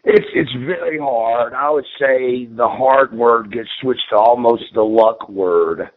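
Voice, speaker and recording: A man at a mid pitch tells long, rambling stories from his career as a former pro wrestler, tripping over and repeating his words. His voice comes through a narrow, tinny phone-like radio line. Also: takes it slowly. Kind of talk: casual storytelling in an interview.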